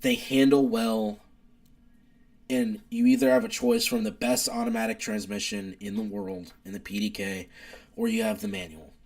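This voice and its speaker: A young man chatting casually on a live stream with an animated, rambling delivery. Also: moderate pace, creaky. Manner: animated, rambling car enthusiast, wide pitch swings.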